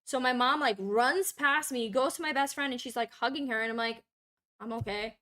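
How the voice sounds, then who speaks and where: A young woman streamer with a somewhat high voice talks casually while she plays. Her storytelling is loose and animated, packed with swearing and filler. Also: a little fast.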